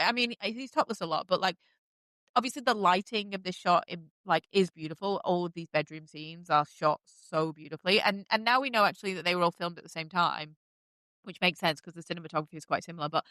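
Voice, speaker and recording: A woman's voice: fairly low pitch, bright, forceful tone, no echo. A woman hosting a podcast, recapping a TV show in a gushing, chatty way with many fillers. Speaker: podcast host. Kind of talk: casual chat recapping a TV show.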